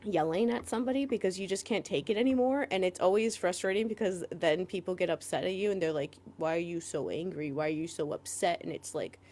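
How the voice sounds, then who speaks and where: A woman co-hosting a podcast in casual chat, rambling with lots of "like" fillers and quick laughs. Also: fairly low pitch, darkish tone. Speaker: podcast co-host.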